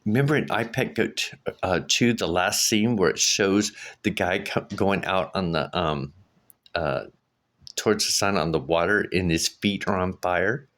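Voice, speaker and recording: Man, middle-aged, very deep voice, casual vlog monologue, rambling, lots of restarts and fillers. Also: a little slow, a bit bright. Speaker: vlogger.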